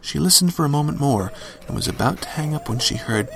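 A man's voice: a little high, sing-song, quick pace, creaky, few pauses, background noise. A man narrating a scripted horror story with dramatic, varied emphasis.

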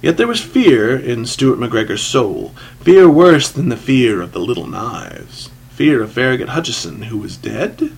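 A man's voice: medium pitch, big pitch swings, a little slow, gravelly, slightly rough, rough recording. A man narrating a story from a script, with dramatic, shifting emphasis. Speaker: audiobook narrator.

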